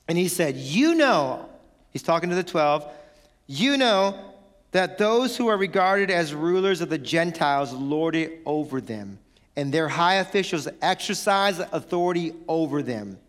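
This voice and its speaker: A man, a pastor, preaching a sermon in a lively, playful way, acting out little scenes from home. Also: sits high, normal speed, long reverb tail. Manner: animated, playful, acts out family quarrels.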